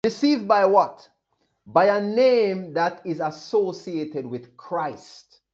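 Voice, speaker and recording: Slow, emphatic high-voiced male preacher. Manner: emphatic, repeats phrases, voices questions of others. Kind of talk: sermon. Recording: dull lo-fi recording.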